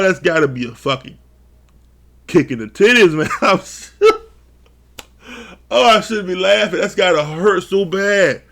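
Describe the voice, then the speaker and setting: With a high voice and an unhurried pace full of pauses, a man offers a casual, foul-mouthed review of a reality dating show. He laughs a lot and acts out the cast's lines in lively retellings.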